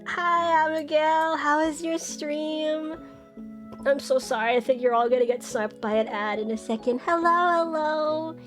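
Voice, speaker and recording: A bubbly young woman in her twenties chats on a live stream, her voice sitting a little high and leaping into squeaky greetings for viewers. Soft music plays faintly behind her. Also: level tone, moderate pace. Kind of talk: casual chat stream.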